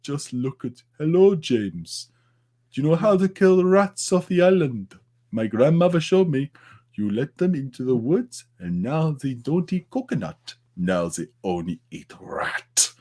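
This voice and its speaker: A man voicing a theatrical film villain in a slow, hushed, breathy delivery. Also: on the high side, very animated. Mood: menacing.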